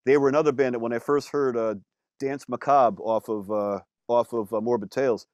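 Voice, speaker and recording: A man, a musician guest, telling stories in a casual interview, animated, with lots of fillers and some swearing. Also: mid-range voice, a little fast, no room sound, clean studio sound.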